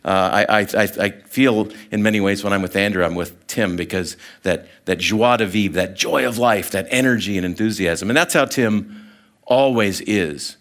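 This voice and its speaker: Animated middle-aged man storyteller. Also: fairly low pitch, moderate pace. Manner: animated storyteller, acts out voices, many fillers. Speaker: guest speaker. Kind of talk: storytelling sermon.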